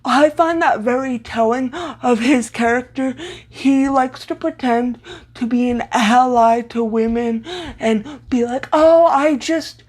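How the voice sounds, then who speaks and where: Young woman, high voice, unhurried delivery, halting and repeating first sounds, blunt sarcastic commentary. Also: steady tone, darkish tone. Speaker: vlogger. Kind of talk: opinionated commentary.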